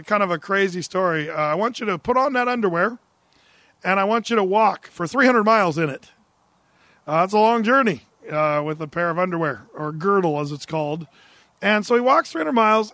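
High-voiced pastor joking through a sermon. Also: male voice, no room sound. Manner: humorous, conversational, animated storytelling.

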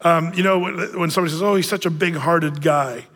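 Man, pastor, conversational sermon, fillers and restarts, somewhat high voice, long hall echo. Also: a little fast, fairly bright tone. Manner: conversational preaching with frequent fillers.

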